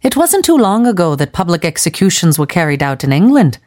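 A woman voicing a stern missionary woman in her seventies, who speaks calmly in a lecturing, matter-of-fact way. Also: lowish voice, a little fast. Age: 70s. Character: gruff old missionary woman, calm and stern.

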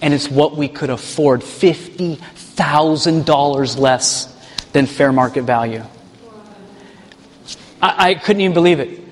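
High-voiced man telling a lively testimony. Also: a little slow, big-room sound. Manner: animated, chuckles while telling stories. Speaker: ministry leader. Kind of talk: personal testimony storytelling.

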